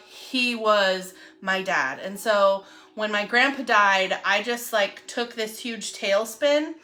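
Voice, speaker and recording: A woman tells a personal story in casual, animated chat. Her voice is bright and sits a little high. She keeps checking in with her listeners. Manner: chatty, animated, keeps asking "right?". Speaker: real estate agent.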